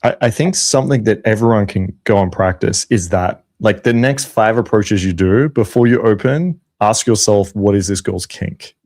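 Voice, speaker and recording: Low-voiced man giving steady advice. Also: moderate pace, few pauses, dry recording, studio quality. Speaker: dating coach co-host. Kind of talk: casual podcast chat.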